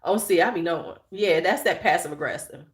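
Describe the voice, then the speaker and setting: A woman's voice: lowish voice, brisk, reverberant. A woman hosting a casual live chat, telling stories bluntly with lots of swearing and answering viewers as she goes. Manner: blunt, profane, animated storyteller. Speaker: channel host.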